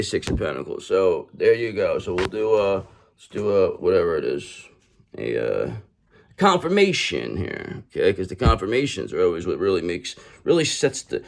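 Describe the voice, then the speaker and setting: Low-voiced, profane, streetwise male tarot reader. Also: creaky. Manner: blunt, streetwise and profane, addresses the listener directly. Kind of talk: online tarot reading.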